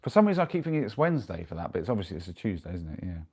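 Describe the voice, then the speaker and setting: A man's voice: low-pitched, very animated, rapid-fire, a little mellow, husky. A man chatting casually on a live stream and answering viewer messages as they come in. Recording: noisy with clicks.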